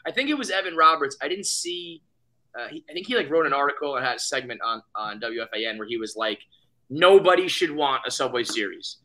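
A man co-hosting a podcast, chatting casually about baseball in a rambling, profane, excitable way. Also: medium pitch, fast. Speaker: podcast co-host. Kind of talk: casual sports chat.

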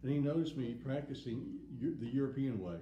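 A man from the South, giving a plain, deliberate devotional talk with short stories. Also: medium pitch, warm tone, dull audio, slight background noise. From Southern United States. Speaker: preacher. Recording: echoey room.

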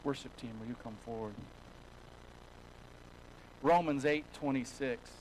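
A man preaching a sermon as a pastor in a church, telling a folksy story and swinging between hushed and loud passages. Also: mid-range voice, a little slow, a little hiss or hum, rough recording.

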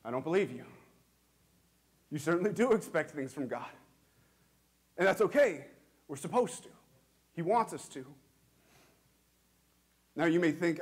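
Earnest preaching man, fairly high voice. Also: animated. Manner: questioning, earnest, measured with emphatic pauses. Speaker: pastor. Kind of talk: sermon. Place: church.

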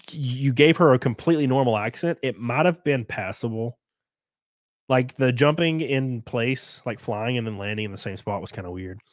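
A man's voice: medium pitch, no echo. Sick casual male streamer, dry close mic. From United States. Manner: loose and rambling, swears casually, trails off and restarts. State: sick, congested. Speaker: livestream host. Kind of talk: casual livestream chat reading viewer comments.

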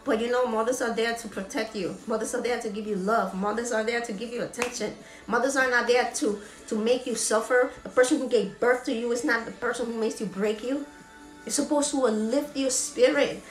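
A woman's voice: a little high, fairly even intonation, fairly quick, roomy sound, soft background music. A woman vlogger giving an emotional motivational talk. She is earnest and preachy and repeats phrases for emphasis.

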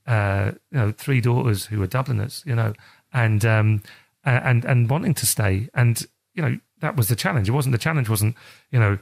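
A man's voice: lowish voice, animated, normal speed, vocal fry, a little mellow. A middle-aged man with a South East London accent, chatting casually in an interview, rambling with many restarts. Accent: South East London English. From South East London, England. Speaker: charity chief executive.

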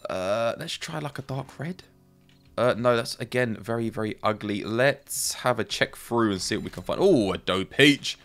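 Mid-pitched male streamer, casual running commentary with playful asides. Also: lively intonation, moderate pace, a bit bright. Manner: chatty, thinking aloud, self-talk with playful asides. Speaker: game streamer.

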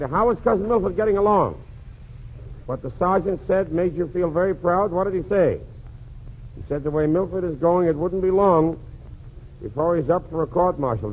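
A man with a high voice runs a one-sided comic phone call with quick patter. It reaches us as a tinny, narrow-band 1940s radio transcription. A faint hiss sits under it. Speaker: comedian and emcee. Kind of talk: 1940s radio comedy monologue.

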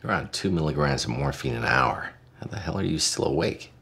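A man's voice: extremely low pitch, animated, brisk, vocal fry, fairly bright tone, husky, exaggerated voice. An actor playing a sardonic middle-aged male doctor who talks in a dry, cutting way. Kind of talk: TV drama acting.

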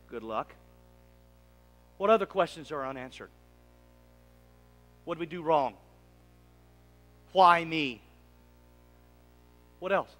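A male pastor preaching a sermon, asking his congregation to answer back and swinging from loud emphatic lines to quiet asides. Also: a little high. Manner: preaching, calling for congregation responses. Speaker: lead pastor. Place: church sanctuary. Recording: long reverb of a church sanctuary.

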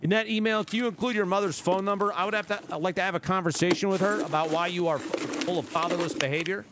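A man's voice: high voice, steady tone, fast talker, background noise. A man livestreaming a game, ranting sarcastically and swearing often between bits of commentary. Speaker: gaming livestreamer. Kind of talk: live gameplay commentary and ranting.

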